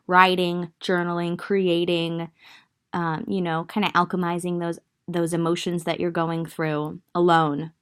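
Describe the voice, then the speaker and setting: A woman's voice: fairly low pitch, smooth. A young woman with a Southern US accent giving a casual, rambling tarot reading, thinking aloud with many fillers. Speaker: tarot reader.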